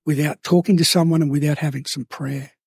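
A man preaching a sermon to a church, earnest and drawing out key phrases slowly for emphasis. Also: on the high side, steady tone, gravelly, darkish tone, slightly rough, dry recording, clean studio sound.

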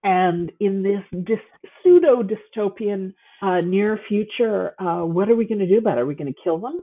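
Husky woman on a tinny phone line. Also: medium pitch, animated, normal speed. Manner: enthusiastic, gushing, many fillers. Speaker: guest author. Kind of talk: casual chat. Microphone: phone call.

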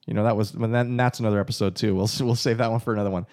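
A man co-hosting a casual talk, telling his side of the marriage story in a candid, animated, self-deprecating way. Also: on the low side, racing. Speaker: podcast co-host, husband.

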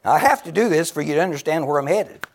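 Gravelly, high-pitched preacher in his seventies. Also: expressive, quick pace. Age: 70s. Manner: exclaims loudly and laughs between phrases; drops to a near whisper for emphasis. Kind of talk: sermon.

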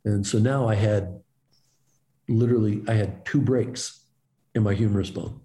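A man, a former baseball pitcher, telling animated, self-deprecating stories as an interview guest. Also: moderate pace, reverberant. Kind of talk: storytelling in an interview.

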